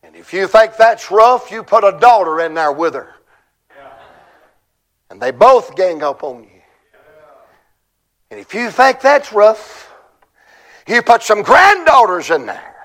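A man in his sixties from Virginia preaching a conference sermon, with fervent rhythmic repetition that builds to shouted peaks. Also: high-pitched, sing-song, slow, pauses often.

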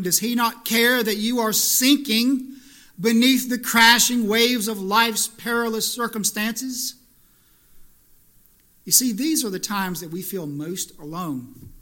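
A man's voice: sits high, sharp tone. A man preaching a sermon as pastor in a church, building through repeated rhetorical questions to emphatic peaks.

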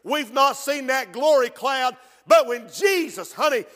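A man preaching a sermon as pastor, rising to shouted peaks and slowing down on quoted scripture. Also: extremely high pitch, animated, long reverb tail.

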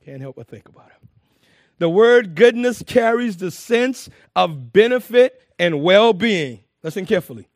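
A man preaching a sermon to a congregation, lively and emphatic, with frequent laughs and repeated phrases. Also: sits high, normal speed, no echo, studio quality.

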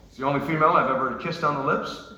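A preacher from New York delivering an emphatic sermon in a church, with rising shouts and joking asides. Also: male voice, a little high, rapid-fire, reverberant, background noise. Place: church sanctuary.

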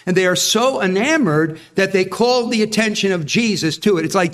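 A man preaching to his congregation in a slightly high voice. He is animated, acts out the people he quotes and keeps asking his listeners questions. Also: moderate pace. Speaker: pastor. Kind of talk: sermon.

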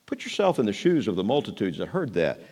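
A man preaching a sermon, moving between soft asides and raised, emphatic declarations. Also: on the low side, big pitch swings, fast. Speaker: pastor. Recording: long hall reverb.

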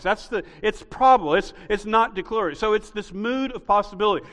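A man preaching a sermon as pastor, teaching patiently and building to loud, emphatic peaks. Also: sits high, fairly quick, hardly any pauses, big-room sound. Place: church sanctuary.

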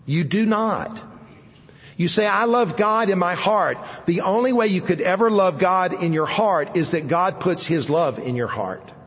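High-voiced slow preacher in a reverberant hall. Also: male voice, lively intonation, fairly bright tone, highs cut off. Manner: emphatic, repeating key phrases, dropping low at phrase ends. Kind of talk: sermon. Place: hall with an audience.

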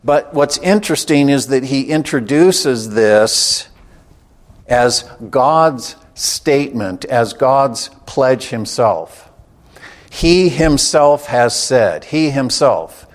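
A man preaching a sermon in a measured, emphatic way, slowing down to stress key phrases. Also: medium pitch, animated.

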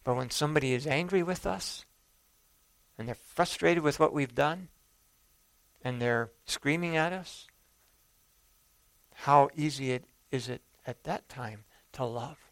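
A male preacher delivering a sermon, telling the story earnestly and swelling for emphasis before falling quiet. His voice is smooth and clear, and the sound is dry and close. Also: on the high side, a little slow, pauses often, dry recording. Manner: earnest storytelling, with rising emphasis and soft drops.

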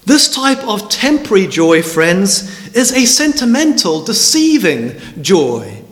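A man's voice: high-pitched, sing-song, takes it slowly. A man preaching a sermon, emphatic and stressing words by repeating them. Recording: echoey hall with long reverb.

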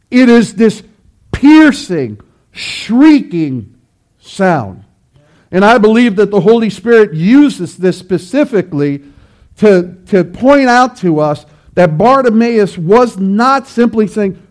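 A male pastor preaching a sermon to his church with emphatic delivery, rising to loud pleading cries. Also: sits high.

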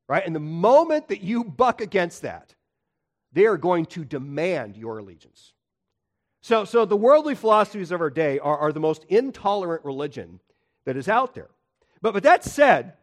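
A man preaching a sermon in a high voice that climbs and drops with great animation. He presses his points with urgent emphasis, often restarting with repeated words. He swings between loud declarations and low, hushed lines. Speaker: pastor.

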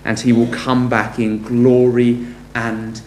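A man preaching a sermon earnestly, moving between brisk storytelling and slow, weighty appeals. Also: mid-range voice, completely flat delivery, a little mellow, slight background noise. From Britain. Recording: echoey room.

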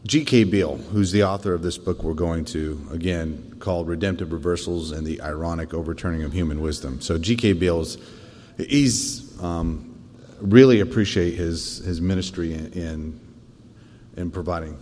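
A man teaching a church Bible lesson in a thoughtful way, often pausing on fillers and restarting. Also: low-pitched, a little mellow, long reverb tail. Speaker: Sunday school teacher.

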